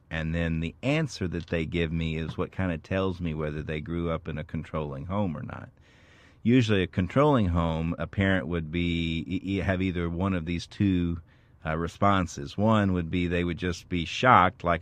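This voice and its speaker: A man's voice: sits low, fairly even intonation, moderate pace, no echo. A man co-hosting a faith-based discussion, earnestly explaining with everyday examples. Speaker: co-host.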